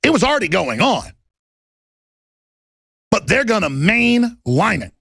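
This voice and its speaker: Gravelly ranting male talk show host. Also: high-pitched, sing-song, a little slow, dry recording. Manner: ranting, urgent, bursts into shouting. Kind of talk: impassioned talk show monologue.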